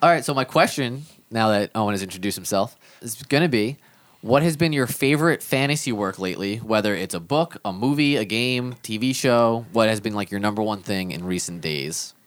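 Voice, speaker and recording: A man hosting a tabletop game podcast, relaxed, guiding the casual chat. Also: lowish voice, fairly quick, dry recording. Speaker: podcast host.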